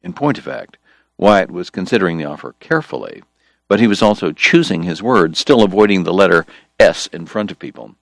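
Deep-voiced man narrating a story. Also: lively intonation, creaky, no echo, studio quality. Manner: measured, storytelling. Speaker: audiobook narrator. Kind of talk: scripted narration.

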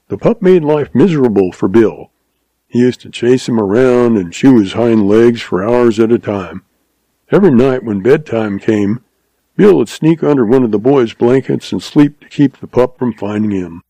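A man's voice: lowish voice, dark tone, dry recording, lightly acted. A man voicing a sly, easygoing young male cowboy, with a drawling, mock-mournful delivery.

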